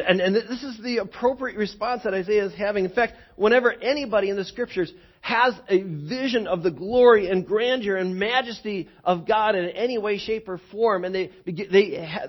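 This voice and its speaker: High-voiced, animated male preacher. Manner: animated storytelling with many repeated words. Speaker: pastor. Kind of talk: sermon. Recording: dull lo-fi recording.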